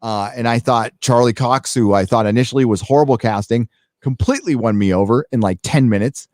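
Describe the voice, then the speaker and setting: A man with a mid-range, darkish voice speaks a little fast as he hosts a livestream, reading out donations in an emphatic, profane casual rant laced with fillers and free swearing. The clean studio sound carries no room sound.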